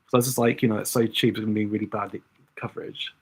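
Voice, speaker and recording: A man's voice: fairly low pitch, flat delivery, fast talker, husky. A young man doing drag makeup on a livestream, chatting casually and thinking aloud to his viewers.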